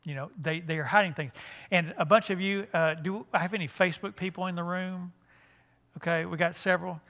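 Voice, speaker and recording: A man's voice: high-pitched, fairly even intonation, a little fast, a bit bright. An older man, giving a folksy, joking talk at a church conference, with frequent restarts. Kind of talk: humorous seminar talk.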